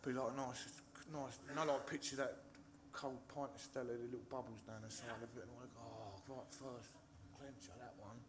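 A man's voice: mid-range voice, steady tone, normal speed, few pauses. Man telling a raw story, noisy. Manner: swearing, laughing, mimics the voices of people in his story. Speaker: recovering addict telling his story. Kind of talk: candid storytelling.

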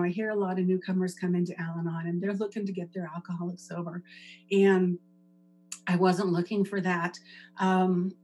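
A woman's voice: lowish voice, a little mellow, rough recording. A middle-aged woman giving a personal recovery share, conversational and rambling, with lots of fillers and restarts. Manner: rambling, wanders off on tangents. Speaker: recovery meeting speaker.

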